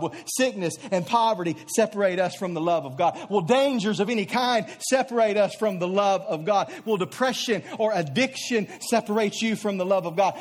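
Pastor, male, high-pitched voice, fervent preacher who drops soft then climbs loud through repeated rhetorical questions. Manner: repeats phrases in building rhetorical runs. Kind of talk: sermon.

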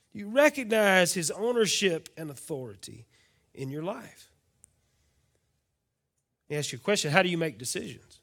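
A man preaches in a folksy, questioning way. His voice sits a bit high and rings bright and forceful. He swings from loud declarations down to near-whispered lines. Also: expressive, normal speed, pauses often. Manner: folksy, asks the congregation questions. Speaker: pastor. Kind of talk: sermon.

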